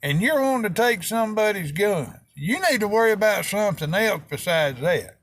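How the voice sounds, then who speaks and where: A man's voice: high voice, lively intonation, normal speed, fairly bright tone, no room sound, clean studio sound. A middle-aged man with a Southern American accent ranting in a folksy, heated way, full of rural slang. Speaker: video host. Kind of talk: opinion rant to camera.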